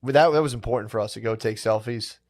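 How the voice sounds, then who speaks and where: A man's voice: mid-range voice, quick pace. A man in his thirties co-hosting a podcast in crude, laughing banter, acting out quotes as he tells stories. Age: 30s. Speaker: podcast co-host. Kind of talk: casual comedic banter.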